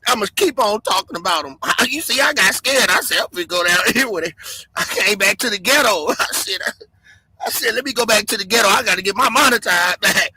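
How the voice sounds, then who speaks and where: A man hosting a livestream, ranting loudly and excitably, swinging between shouts and mutters and laughing often. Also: high voice, brisk, slightly rough, poor audio. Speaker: livestream host. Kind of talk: animated livestream rant.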